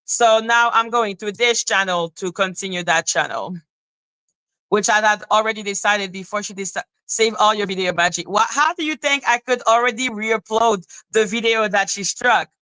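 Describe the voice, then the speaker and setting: A woman hosting a livestream, ranting heatedly and with swearing, and breaking into high sing-song greetings to her viewers. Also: normal speed, bright, forceful tone, clear, resonant tone, no room sound. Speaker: livestream host. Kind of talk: livestream rant chatting with viewers.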